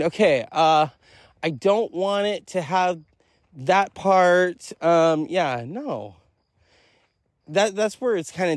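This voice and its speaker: A man talking off the cuff in a loose solo monologue, chuckling and swearing as he drifts from thought to thought. His pitch swings up and down with lots of life, and sits a little higher than most men's. It is recorded close and dry, with no room sound. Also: a little mellow, no echo. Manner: rambling, chuckling, profane. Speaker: podcast host. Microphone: self-recorded voice message.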